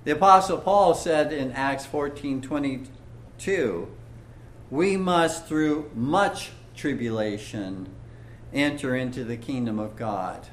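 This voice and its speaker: A man preaching a sermon, slow and earnest, building to emphatic swells. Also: medium pitch, echoey room, slight background noise.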